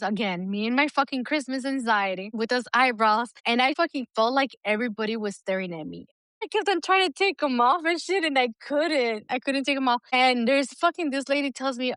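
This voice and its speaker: A woman's voice: high-pitched, expressive, a little fast, bright, forceful tone, dry recording. A woman co-hosting a podcast in casual chat, candid and swearing freely as she acts out little stories. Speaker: podcast co-host.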